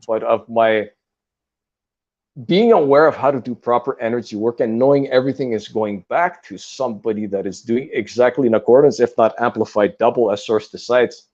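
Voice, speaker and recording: A man's voice: mid-range voice, a little mellow, dull audio. A man in casual spiritual talk, speaking in an earnest, repetitive, lecturing way. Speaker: guest on a spiritual talk stream.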